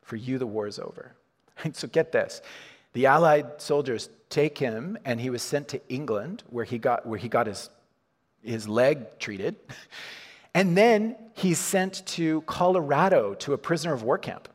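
A man's voice: medium pitch, expressive, measured pace, big-room sound. A man preaching a sermon in a church, chatty and informal, with frequent restarts and chuckles. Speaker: pastor. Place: church hall.

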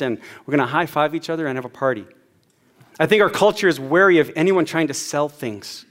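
A man in his forties preaching a sermon as a pastor, telling personal stories in a conversational way. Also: on the high side.

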